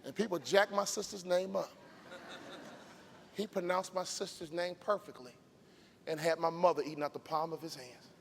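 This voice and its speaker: A man's voice: on the high side, moderate pace, gravelly, pauses often, a bit bright, a little hiss or hum. A middle-aged man from Chicago giving a motivational keynote with an emphatic, preacher-like cadence. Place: large event arena stage. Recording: long hall reverb from live arena.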